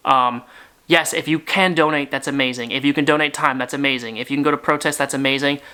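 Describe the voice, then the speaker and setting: A young man speaks straight to his viewers with a bright, forward voice that stays smooth and clear. He builds his points through earnest strings of short phrases, pressing each one with sincere emphasis. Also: mid-range voice, steady tone, fast. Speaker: YouTube channel host. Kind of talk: earnest direct-to-camera appeal.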